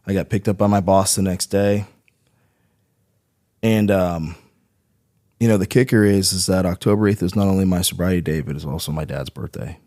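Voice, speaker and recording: A man's voice: deep voice, moderate pace, long pauses, a little mellow. A man who is a veteran, guest on a podcast, telling his own story in a casual, profane, rambling way, often tagging his sentences with "right?".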